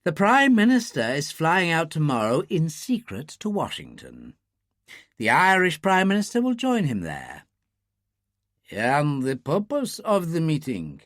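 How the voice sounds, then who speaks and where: A man's voice: on the high side, huge pitch swings, unhurried, fairly bright tone, dry recording, studio quality, pitched above the performer's own voice, heavily acted. A man reading the part of an urbane, gossipy insider briefing his associates, in an audiobook.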